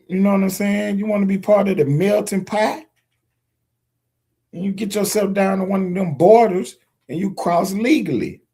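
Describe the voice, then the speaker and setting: A man's voice: high voice, warm tone, husky. Emphatic man preaching to his viewers. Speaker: political commentator. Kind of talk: direct-to-camera opinion monologue. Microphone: streaming setup mic.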